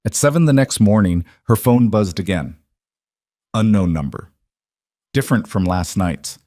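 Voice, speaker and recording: Low-voiced man narrating a dramatic story. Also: no room sound, studio quality. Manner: measured, even storytelling.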